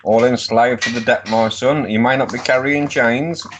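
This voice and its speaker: A man's voice: medium pitch, fairly even intonation, normal speed. A man on a panel call, teasing with dry humour. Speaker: panel guest. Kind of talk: joking panel banter. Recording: muffled noisy call line.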